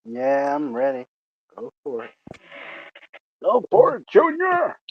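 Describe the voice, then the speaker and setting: A man voicing a quiet, mumbling male sidekick who gives short, offhand replies. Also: very high-pitched, huge pitch swings, takes it slowly, vocal fry, slightly rough, dry recording, dull audio, pitched above the performer's own voice, exaggerated voice.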